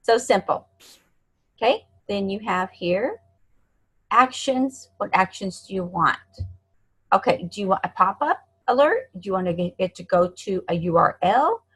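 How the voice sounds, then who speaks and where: A woman giving a screen-share software tutorial in a chatty, encouraging way, talking to herself as she clicks. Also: mid-range voice, lively intonation, measured pace, husky, rough recording. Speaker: online marketing instructor.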